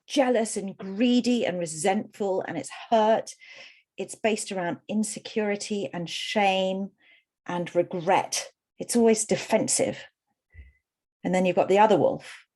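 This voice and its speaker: A woman's voice: fairly low pitch, a little mellow. A middle-aged woman coach leading an online workshop. She explains earnestly and often talks in repeated lists.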